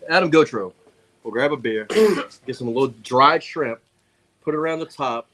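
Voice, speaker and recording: A man's voice: medium pitch, moderate pace, a little hiss or hum. A man telling a funny story on a casual talk show, acting out what people said. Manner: animated, laughing storyteller acting out quotes.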